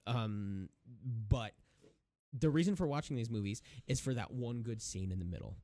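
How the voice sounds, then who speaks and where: A man's voice: mid-range voice, normal speed, dark tone, dry recording. A young adult man co-hosting a podcast. He retells a movie scene in casual, rambling chat, swearing and laughing as he goes. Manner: rambling, swears freely, laughs while telling a story. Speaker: podcast co-host.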